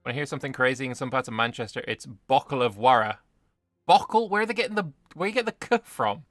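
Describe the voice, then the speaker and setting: A man's voice: medium pitch, sing-song, racing, pushed and bright, no echo, clean studio sound, faint music behind. A British man streaming a strategy game, bantering with chat and swearing casually. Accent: British English. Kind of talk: gaming livestream commentary.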